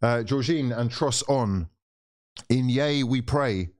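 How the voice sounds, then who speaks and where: A man hosts a live football watchalong, calling the play while sighing, swearing and acting in mock despair. His voice is mid-range and slightly mellow, and he speaks slowly.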